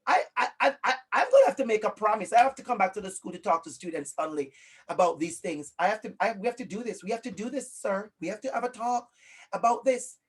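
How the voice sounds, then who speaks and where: A man with a Jamaican accent leads an interactive workshop over a video call. His voice sits fairly high for a man, and he talks with lots of energy and encouragement. He often repeats phrases to stress a point. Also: animated, fast, slightly rough. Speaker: workshop presenter. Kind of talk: interactive online workshop talk.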